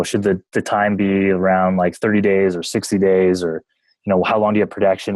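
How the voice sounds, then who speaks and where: A Canadian sales development manager guests on a business podcast, talking casually in a lowish voice. Relaxed and chatty, he laughs easily and jokes about himself. The poor-quality audio is dry and close, with no room sound or echo.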